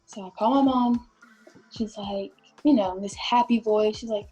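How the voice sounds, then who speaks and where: Young woman, mellow storyteller. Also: medium pitch, a little slow, husky, faint music behind. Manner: vivid storytelling with many fillers. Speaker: guest. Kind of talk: casual storytelling.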